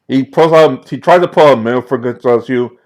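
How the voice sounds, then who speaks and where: A man's voice: medium pitch, fairly quick, darkish tone. A man narrating as game master of a tabletop game, casual and laughing easily.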